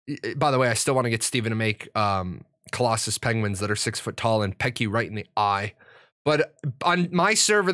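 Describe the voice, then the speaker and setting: Middle-aged guy for a casual gaming stream: bright, forceful voice pitched a touch high, rambling and cussing. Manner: rambling and profane, with frequent restarts. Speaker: streamer and gaming network owner. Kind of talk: casual livestream chat.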